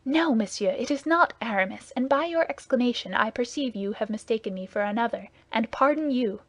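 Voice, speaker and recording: A woman voicing a composed, commanding foreign nobleman in a lowered, even voice. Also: brisk, no room sound. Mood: cool.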